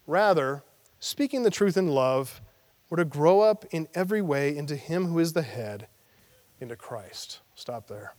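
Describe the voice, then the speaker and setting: A man's voice: on the high side, in a large hall. A man preaching an expository sermon as pastor, emphatic and repeating his key phrases.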